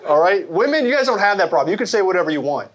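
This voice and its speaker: Rapid-fire and high-voiced, a stand-up comedian in his forties plays a large hall before a live audience, bantering wryly and energetically with the crowd. Background noise is audible.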